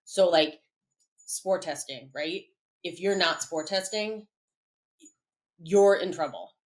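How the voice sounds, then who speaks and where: A woman's voice: lowish voice, takes it slowly, low-quality recording. A middle-aged woman, a dental compliance consultant, chatting casually on a podcast, with lots of "like" and "right?" fillers. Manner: animated, many "like" and "right?" fillers.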